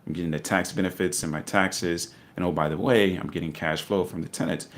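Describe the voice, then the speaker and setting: Low-pitched guy on a podcast, emphatic, keeps repeating his point. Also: a little fast. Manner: animated, emphatic, repeats key phrases, bursts of laughter. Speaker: guest investor. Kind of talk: casual podcast conversation.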